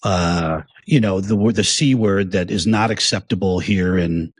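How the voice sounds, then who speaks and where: A middle-aged American man with a fairly low voice, easygoing and chatty as a co-host. The recording is dry and close. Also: a little slow, slightly rough, no echo. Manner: easygoing, wraps up segments and promotes the channel. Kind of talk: casual chat.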